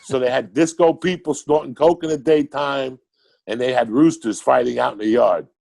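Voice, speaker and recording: An older guest comedian, born in Cuba and raised in New York City, tells cursing, excitable stories on a podcast in his New York accent. He has a creaky mid-range voice and a moderate pace.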